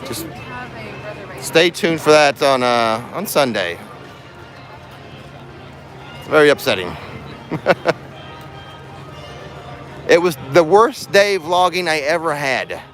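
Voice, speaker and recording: A man's voice: a little high, animated, slow pace, long pauses, a bit bright. A man hosting a casual livestream from a theme park, chatting and joking with his viewers. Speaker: vlogger host. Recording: music playing clearly behind.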